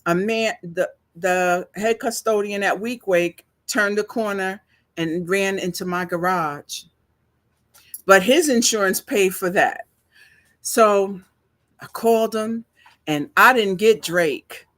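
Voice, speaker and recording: An older woman, telling a story to her viewers in a slow, chatty, emotional way, teary and sniffling. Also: mid-range voice, fairly bright tone. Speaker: vlogger.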